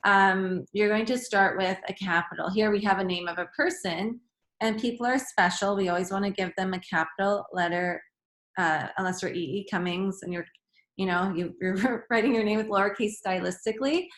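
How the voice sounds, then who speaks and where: Speaking at normal speed in a mid-range voice, a female teacher acts out example sentences for children in a range of tones. The lesson is on grammar, and the space has a noticeable echo.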